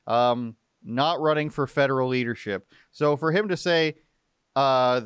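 A man's voice: mid-range voice, measured pace, fairly bright tone, smooth, no room sound. A young man hosting political commentary, sarcastic and mocking as he picks apart statements. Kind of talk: opinionated live commentary.

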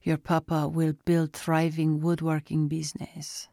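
A man's voice: on the high side, monotone, measured pace, gravelly, mellow, dry recording, studio quality. A woman voicing the spirit of a man's dead father with a Russian accent, who speaks in clipped phrases that drop small words. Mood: persuasive. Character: father's spirit from paradise, earnest Russian man. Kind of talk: storybook narration.

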